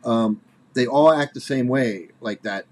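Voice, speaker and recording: Halting, worked-up man in his forties. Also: medium pitch. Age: 40s. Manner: halting, repeats words, nervous laughs. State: worked up, angry. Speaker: commentator. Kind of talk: casual spoken commentary.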